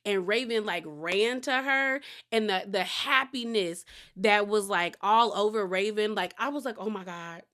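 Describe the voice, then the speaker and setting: A woman hosting a casual reality TV recap, chatty and animated, laughing often. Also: mid-range voice, unhurried. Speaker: TV recap host.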